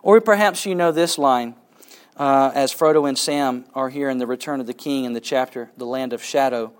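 A man giving a literature lecture, reading passages aloud with dramatic swings between excitement and hushed quiet. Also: mid-range voice, normal speed, clean tone. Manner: dramatic reading, rising with excitement and dropping to a hush.

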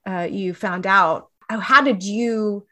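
A woman's voice: medium pitch, slow pace, pushed and bright. A woman hosting an interview, asking questions and sharing her own experience in an empathetic way. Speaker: podcast host. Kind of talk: interviewing, casual chat.

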